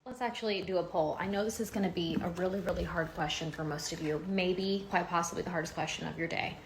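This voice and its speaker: A woman in her thirties with a drawl chats into her phone, rambling from story to story with plenty of "like" and "um". Her voice sits on the lower side, with a faint hiss under it. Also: steady tone, fast talker. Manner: chatty, rambling storytelling with lots of "like" and "um". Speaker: lifestyle blogger and home renovation host. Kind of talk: casual chatty phone vlog.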